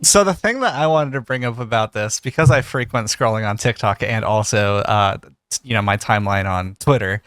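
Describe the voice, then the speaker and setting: A man's voice: on the low side, moderate pace, a bit bright, dry recording. Man, podcast co-host, casual chat, rambling, self-correcting, dry close sound.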